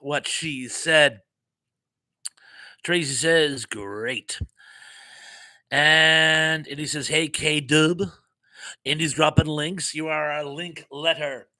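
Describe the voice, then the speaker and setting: Bright-voiced, chatty American man. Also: on the high side, level tone, slow. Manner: chatty and jokey, laughing often. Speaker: live stream host. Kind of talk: casual live chat, reading comments aloud.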